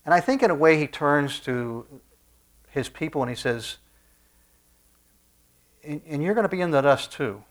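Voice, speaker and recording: A man preaching a sermon in a conversational way, with frequent restarts and soft asides. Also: fairly high pitch, expressive, normal speed, long pauses. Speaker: pastor.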